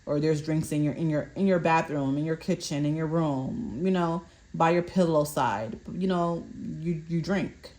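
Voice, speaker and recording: A woman's voice: low voice, moderate pace, hardly any pauses, dark tone. A woman doing a collective fortune card reading, reading card meanings aloud, stumbling over words and checking in with "okay?". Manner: repeats "okay?" to check in with viewers. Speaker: tarot reader.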